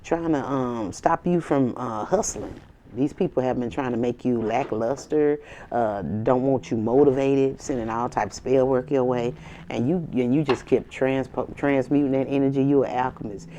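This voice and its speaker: A woman's voice: very deep voice, normal speed, mellow, a little hiss or hum. A woman tarot reader in a casual spiritual reading to camera, talking in an emphatic, slangy, preachy way with sassy asides.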